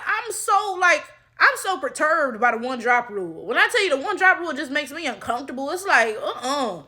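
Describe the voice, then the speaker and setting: Young woman, high bright voice, blunt slangy commentary. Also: lively intonation, fairly quick. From Detroit, USA. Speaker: commentary YouTuber. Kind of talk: reaction commentary.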